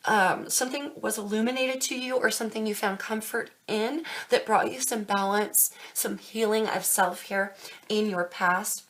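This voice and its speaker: A young woman doing a casual tarot reading to camera, emphatic and quick to swear as she talks straight to her viewers. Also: mid-range voice, steady tone, fairly bright tone. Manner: emphatic, swears freely, speaks directly to viewers. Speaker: tarot reader.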